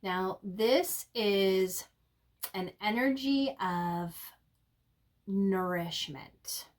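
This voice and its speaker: A woman giving an intuitive tarot reading, talking in a halting way with many ums and restarts. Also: medium pitch. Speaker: tarot reader.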